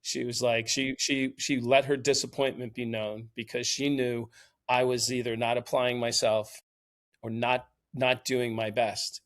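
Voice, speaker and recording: A man, around his fifties, talking thoughtfully and in a measured way on a podcast. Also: mid-range voice, level tone, a bit bright. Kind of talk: reflective podcast conversation.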